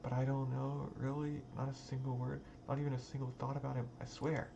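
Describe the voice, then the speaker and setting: A man's voice: mid-range voice, level tone, brisk, gravelly, dark tone, muffled recording, slight background noise, natural voice. A man voicing a frightened teenage girl who stammers defensively. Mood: flustered. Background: background game music.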